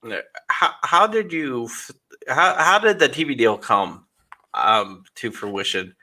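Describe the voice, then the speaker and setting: Bright-voiced man, halting host. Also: medium pitch, expressive. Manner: halting, restarts questions. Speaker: podcast host. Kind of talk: interview questions.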